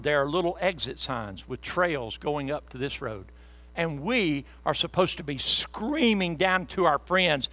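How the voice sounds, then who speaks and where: A forceful, bright-voiced pastor delivering a sermon in a folksy, conversational way. He sits a touch higher than most men and sprinkles in joking asides to the congregation. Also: animated, a little slow, no echo, rough recording.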